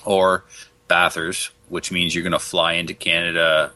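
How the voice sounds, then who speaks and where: A man's voice: low-pitched, level tone, normal speed, sharp tone. A man co-hosting a casual podcast, chatting in an easygoing way and laughing easily. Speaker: podcast co-host.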